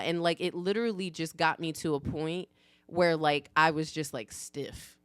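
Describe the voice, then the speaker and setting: A woman from New Jersey co-hosting a podcast, telling stories in a casual, animated way with frequent laughter and acted-out quotes. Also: sits low, moderate pace, clear, resonant tone, dry recording. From United States (New Jersey). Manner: animated storyteller who laughs often and acts out quoted voices. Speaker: podcast co-host. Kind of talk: casual chat.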